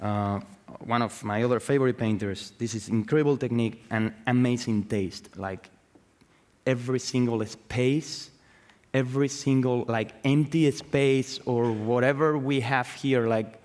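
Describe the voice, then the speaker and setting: A man with as his gives a live talk about his art, swearing freely and piling up fillers, false starts and repeated words. His voice sits at a middle pitch and carries a long reverb from a large event hall. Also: unhurried. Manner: profane, excitable, full of fillers and restarts. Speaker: artist giving a talk.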